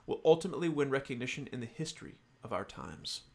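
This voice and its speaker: A man's voice: medium pitch, big pitch swings, quick pace, creaky. A man doing a dramatic reading of a suave villainous male crime lord, in a mock Italian accent. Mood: languid, grandiose. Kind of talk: dramatic reading of a novel passage.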